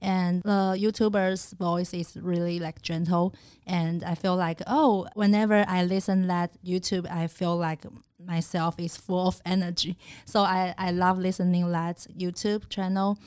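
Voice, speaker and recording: A woman with a Taiwanese accent and native Mandarin, speaking English on a podcast in a thoughtful, gentle way with halting grammar. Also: fairly low pitch, little pitch movement, clear, resonant tone, no room sound, clean studio sound. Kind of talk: casual podcast chat.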